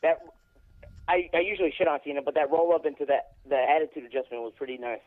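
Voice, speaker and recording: A man phones in to a wrestling show, blunt and eager, talking fast. His voice sits a bit high and comes through a tinny phone line. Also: fairly even intonation. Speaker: caller. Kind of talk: casual chat.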